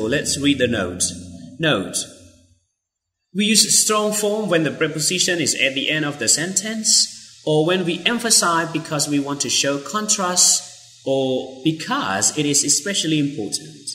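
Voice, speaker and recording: Man, teacher, slow deliberate drilling, bright, animated pitch. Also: slight background noise. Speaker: English teacher. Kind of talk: pronunciation lesson.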